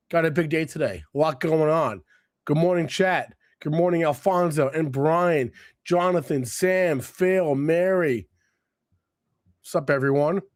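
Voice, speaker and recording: A man's voice: fairly high pitch, no echo, clean studio sound. A man hosting a live morning show, upbeat and greeting viewers by name. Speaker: host.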